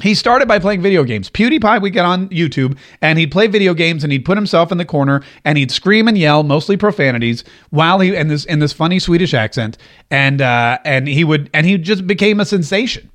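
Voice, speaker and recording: A middle-aged man hosting an opinion talk show, talking in an animated, rambling way and often repeating himself. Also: fairly high pitch, fairly quick. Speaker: host.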